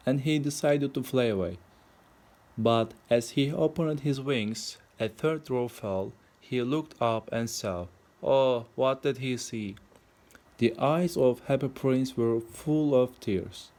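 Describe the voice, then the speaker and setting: A man narrating a storybook aloud in a plain, unhurried way with small slips. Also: medium pitch, a little mellow. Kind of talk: storybook reading.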